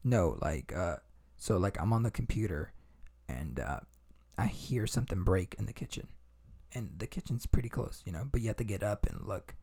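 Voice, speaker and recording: A man's voice: on the low side, lively intonation, moderate pace, warm tone, slightly rough. A young man hosting a podcast, telling a story in casual chat with lots of fillers, restarts and swearing. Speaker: podcast host.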